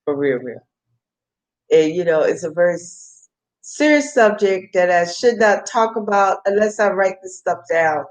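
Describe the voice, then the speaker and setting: A mukbang vlogger with a fairly low, expressive voice speaks unhurriedly in a meandering, casual monologue. She repeats herself as her thoughts wander.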